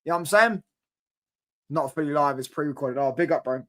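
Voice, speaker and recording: A young man hosts a football live stream, talking quickly and in an animated way to his chat. His voice sits a little high for a man, and he packs his talk with fan slang. He keeps asking "do you get what I'm saying".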